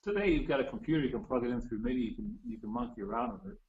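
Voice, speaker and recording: A man's voice: medium pitch, sing-song, racing, slight background noise. Man chatting about gear over a dull line. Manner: chatty, explaining gear with restarts. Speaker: guest musician. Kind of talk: casual chat. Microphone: phone or video call.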